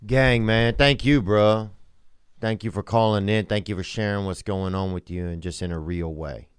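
A man hosting a podcast, talking loosely and warmly to a caller, rambling with laughing asides. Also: on the low side, fairly even intonation, normal speed, clean tone, dry recording, clean studio sound. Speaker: podcast host. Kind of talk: casual podcast chat.

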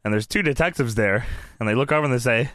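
A man's voice: medium pitch, fast, a bit bright, no echo, clean studio sound. A man chatting casually with friends, recapping a wrestling show, laughing often and acting out what the wrestlers say. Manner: laughing, swearing, acting out quotes.

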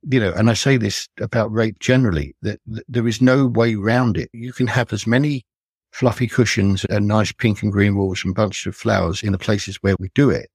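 An older man, a retired police detective, recounting his cases in an earnest, measured, reflective way as a guest on a podcast. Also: on the low side, fairly even intonation, a little mellow, husky, no echo.

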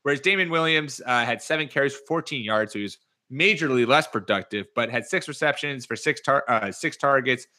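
A man hosting a fantasy football podcast, joking and getting excited in quick bursts. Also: medium pitch. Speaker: podcast host.

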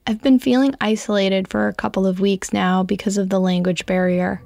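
Brief: woman narrating her story, reflective, evenly read, gravelly fry at phrase ends. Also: mid-range voice, fairly even intonation, moderate pace, a little mellow. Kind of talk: scripted first-person story narration.

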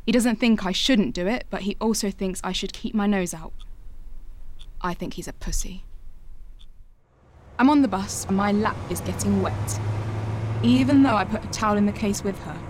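An actress narrating a radio drama as a young woman looking back on her family, in a slow, quiet, reflective first-person voice. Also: medium pitch, slight background noise, lightly acted. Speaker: lead narrator of an audio drama.

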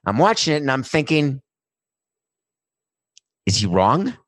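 A man's voice: medium pitch, big pitch swings, unhurried, dry recording. Man, middle-aged, sports commentary rant, emphatic, dry close sound. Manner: emphatic, repetitive, building lists. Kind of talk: opinionated monologue.

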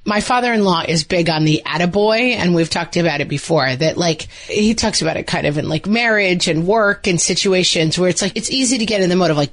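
A woman's voice: lowish voice, brisk, hardly any pauses. A middle-aged woman co-hosting a podcast, talking casually with many "like" fillers and acting out quoted dialogue. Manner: chatty, lots of "like" fillers, acts out quoted dialogue. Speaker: podcast co-host. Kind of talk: casual chat.

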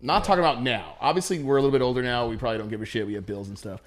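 Guy hosting a podcast, loose and swears a lot, middle pitched, animated storyteller. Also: very fast. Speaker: podcast host. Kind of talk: casual chat.

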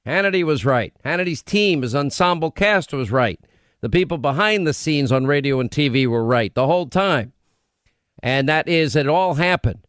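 A man's voice: fairly high pitch, lively intonation, fairly bright tone, smooth, dry recording, studio quality. Combative radio talk host, man. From United States. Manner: combative, rapid run-on delivery. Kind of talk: opinionated political talk radio.

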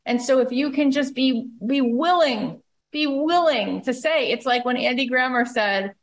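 A woman's voice: sits high, unhurried. A woman podcast host giving a passionate, emphatic motivational talk to her listeners.

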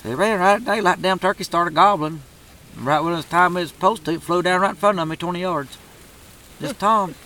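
A man's voice: sits high, brisk, sharp tone, slight background noise, low-quality recording. A man telling a turkey hunting story in a drawling, profane, laid-back way. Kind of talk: casual storytelling.

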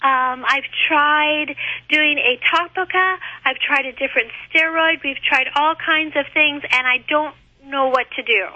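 A woman calls a radio show about her dog's problem, pausing often with ums. Her voice is high and very bright, and the sound is dry. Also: no room sound, lo-fi sound. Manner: hesitant, with many ums. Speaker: caller. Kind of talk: phone-in question.

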